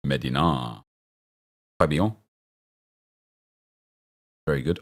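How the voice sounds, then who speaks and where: A man's voice: low-pitched, animated, normal speed, a bit bright. A young man chatting casually as he streams a football game, rambling and answering his viewers' chat as he reacts to picks.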